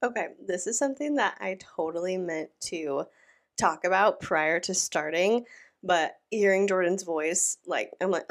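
A woman's voice: on the low side, normal speed. Young woman kinda winded from being sick, rambly chatty reaction host, pokes fun. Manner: rambling, playful and mocking. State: out of breath from a sinus illness. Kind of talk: casual chatty commentary.

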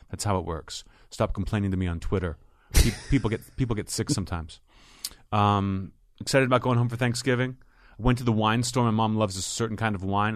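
A man with a fairly low voice talks in a relaxed podcast chat, dry and sarcastic as he grumbles about his week. The sound is close and dead, with no room around it. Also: no room sound. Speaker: podcast co-host, comedian. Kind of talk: casual chat.

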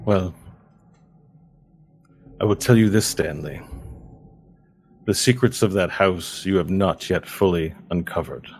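A man running a tabletop game as game master, narrating a space battle in an excited, rambling way full of fillers. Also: deep voice, a little slow, long pauses, breathy edge.

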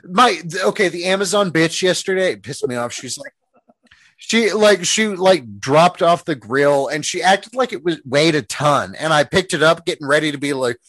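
Profane ranting man, lively pitch. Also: moderate pace, no echo. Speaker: podcast co-host. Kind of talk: casual chat.

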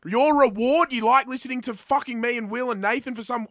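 A man co-hosting a podcast, swearing heavily in a loud mock-motivational rant and casual banter. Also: very high-pitched, brisk, few pauses, no echo, clean studio sound. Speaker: podcast co-host. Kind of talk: casual chat.

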